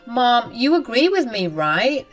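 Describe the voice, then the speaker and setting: A woman's voice: a little high, very animated, unhurried, soft background music, pitched above the performer's own voice, poor audio. A woman putting on a smug, cruel sister-in-law. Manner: condescending, self-righteous.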